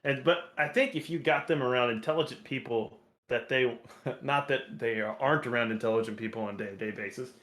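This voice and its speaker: A man co-hosting a podcast, speaking in a measured, thoughtful way with dry humor. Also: medium pitch, fairly bright tone, roomy sound. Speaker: podcast co-host. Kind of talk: casual chat.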